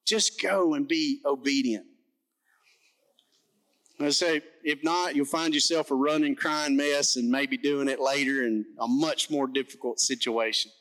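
A man preaching a sermon as pastor, telling a story in an animated, self-mocking way. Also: medium pitch, a little slow, poor audio.

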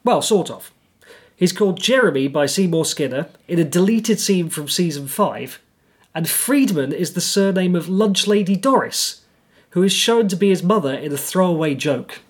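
A man co-hosting a casual podcast, reading through his notes with dry, wry timing. His voice sits a little high and has a husky edge. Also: animated, moderate pace. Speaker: podcast co-host. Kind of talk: casual chat with scripted segments.

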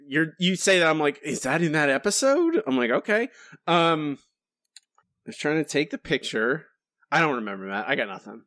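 A man's voice: fairly high pitch, a bit bright, no room sound, studio quality. A man co-hosting a podcast in casual chat, jokey and self-deprecating. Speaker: podcast co-host.

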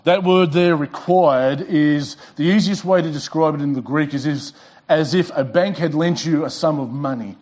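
A middle-aged man preaching a sermon in church, emphatic, rising in pitch and volume when reading scripture and slowing down to stress key words. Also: darkish tone. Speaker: pastor. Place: church sanctuary.

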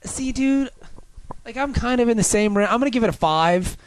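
A man hosting a casual podcast chat about a TV episode, laughing often and acting out quotes in lowered voices. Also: animated, moderate pace, poor audio. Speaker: podcast host.

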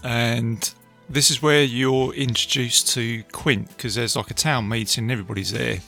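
A man casually recapping a film, chatty and enthusiastic, tossing in quick impressions of lines. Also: medium pitch, steady tone, creaky, sharp tone, faint music behind. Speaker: film reviewer.

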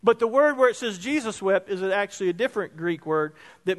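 A man with a strikingly high voice delivers a sermon from the pulpit. He drops to hushed, tender tones and then climbs to ringing emphasis. His words trail off into the long echo of a church hall. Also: a little fast. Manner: expressive preaching that swings between soft and loud. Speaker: pastor. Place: church sanctuary.

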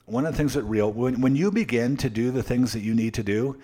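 A man speaks straight to his viewers in a motivational coaching talk. He hammers each point through repetition and keeps checking in with the audience. His pitch sits in the middle range for a man. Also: fairly quick, warm tone. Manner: emphatic and repetitive, with frequent tag questions; addresses viewers directly. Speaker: sales coach. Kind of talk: motivational live-stream talk.

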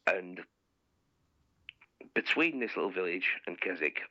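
A man's voice: sits low, lively intonation, a little slow, sharp tone, dry recording. A man telling a bawdy, sweary story in casual chat, laughing as he goes, on dull lo-fi podcast audio.

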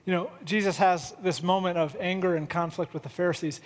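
A man with a high voice preaches in an easy, chatty way, slipping into funny storytelling. His words carry the long reverb of a large church hall. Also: fairly even intonation, a little fast. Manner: conversational, humorous storytelling. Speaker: pastor. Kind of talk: sermon.

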